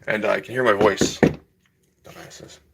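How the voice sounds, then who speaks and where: A man's voice: fairly low pitch, fairly even intonation, normal speed, fairly bright tone. A man live-streaming to his paid class, talking in an agitated way with lots of swearing and repeated apologies to his viewers. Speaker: livestreamer teaching a paid online class.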